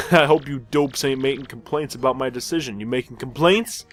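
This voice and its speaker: A man voicing a gruff, domineering mobster boss with a put-on tough-guy accent, reading game dialogue aloud. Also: mid-range voice, brisk, soft background music, close to an everyday voice. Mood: scolding.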